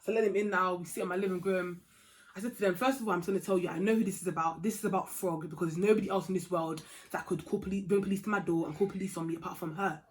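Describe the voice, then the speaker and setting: A young woman telling a storytime vlog story in a chatty, animated way, dropping to a hush and rising to heated outbursts. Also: fairly low pitch, racing. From England. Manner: chatty and animated, swings from hushed to loud and heated. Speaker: vlogger.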